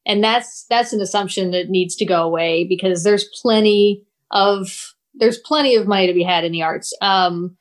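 A woman's voice: medium pitch, moderate pace, hardly any pauses. A woman artist and teacher, a guest in an interview, talking thoughtfully with frequent laughs. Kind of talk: casual interview chat.

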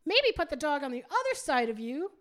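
A woman's voice: high voice, very animated, a little fast, fairly bright tone. A woman co-hosting a podcast, chatting casually and ranting with plenty of profanity. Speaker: podcast co-host. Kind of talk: casual chat.

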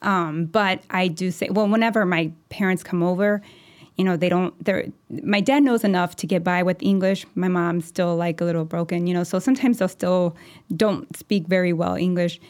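A woman's voice: lowish voice, steady tone, a little mellow. A woman in her thirties talking casually as an interview guest, chatty and full of fillers. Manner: chatty, many "you know" fillers, quick laughs. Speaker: mortgage lender, interview guest.

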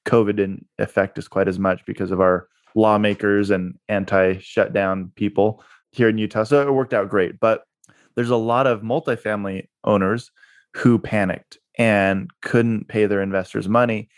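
A man's voice: fairly low pitch, steady tone, normal speed, no echo, clean studio sound. A man being interviewed on a podcast, telling stories energetically and repeating words for emphasis. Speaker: guest, real estate investor and broker. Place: Utah.

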